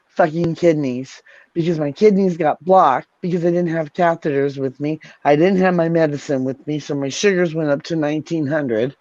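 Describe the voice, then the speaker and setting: Low-pitched and a little mellow, this woman's voice keeps a normal pace as she hosts a livestream and rages at length. She curses and repeats herself in a furious vent. The lo-fi recording is dull and dry, with no echo.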